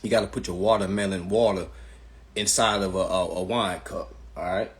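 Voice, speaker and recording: A man's voice: low voice, steady tone, moderate pace, a little hiss or hum. A man hosting a live stream, answering viewers' questions from chat in a blunt, profane, ranting way while promoting his class. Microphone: phone.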